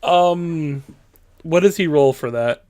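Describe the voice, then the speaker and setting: A man's voice: on the high side, slow, warm tone, clear, resonant tone. A man narrating as game master in a loose, casual way with lots of fillers.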